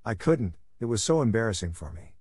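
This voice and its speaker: A man's voice: fairly low pitch, very animated, brisk, a little mellow, slightly rough, dry recording, studio quality. A man voicing Meg, a bashful young woman. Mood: confiding. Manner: bashful, self-reproachful. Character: young woman, earnest eldest sister. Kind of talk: audiobook character reading.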